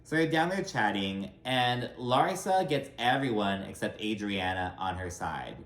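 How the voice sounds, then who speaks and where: A man's voice: lowish voice, lively intonation, a little slow, fairly bright tone, echoey room. Blunt, profane man recapping reality TV. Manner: chatty and blunt, heavy filler and profanity, acts out cast members in quotes. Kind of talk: casual recap commentary.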